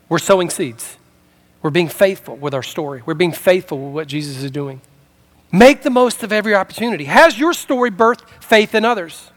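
A man's voice: sits high, fairly bright tone. A man preaching a sermon, telling a personal story in a casual, conversational way and acting out the voices in it. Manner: casual storytelling, acts out dialogue. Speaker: pastor.

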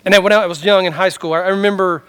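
A man's voice: sits high, steady tone, rapid-fire, a bit bright, clear, resonant tone. A man preaching a sermon, telling a personal story in a casual, conversational way and acting out the voices in it. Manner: casual storytelling, acts out dialogue. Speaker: pastor.

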